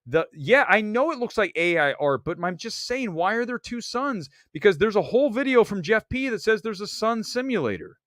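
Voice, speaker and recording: A man hosting a movie talk livestream, rambling excitably while he stalls and searches on his computer. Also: sits high, moderate pace, hardly any pauses, no room sound, clean studio sound. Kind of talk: casual livestream chat.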